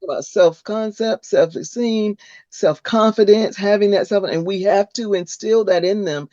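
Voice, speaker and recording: A woman in her sixties hosting a podcast as an early childhood educator, telling stories in an animated way and often agreeing with her guest. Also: mid-range voice, a little slow, no room sound. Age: 60s. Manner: animated storyteller, agreeable back-channel replies. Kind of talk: casual interview chat. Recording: dull lo-fi dry sound.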